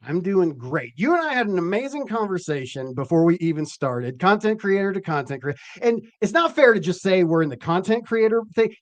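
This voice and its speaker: A man hosting a cannabis growing podcast live, chatting casually in an animated, rambling and profane way. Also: sits high, brisk, hardly any pauses, no echo. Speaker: podcast host. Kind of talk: casual live-stream chat.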